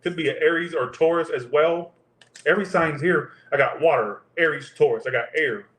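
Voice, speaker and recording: A man's voice: fairly high pitch, moderate pace, fairly bright tone. A man doing a live tarot reading, talking in crude, profane, joking banter. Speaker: tarot reader. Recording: roomy echo.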